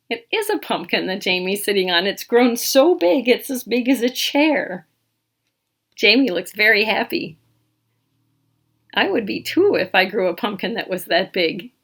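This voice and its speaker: A woman reading a picture book aloud to small children in an animated, interactive way. She asks questions, points out details and counts along with them. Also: mid-range voice, normal speed, pauses often, breathy edge. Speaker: storytime reader.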